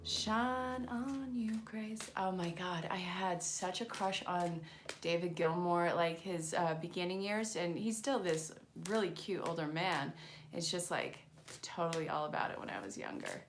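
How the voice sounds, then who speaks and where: Woman, lowish voice, chatty, excitable, live-stream card reader, addresses viewers. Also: unhurried, slight background noise. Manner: chatty, excitable, talks to viewers, laughs often. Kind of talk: casual live-stream chat.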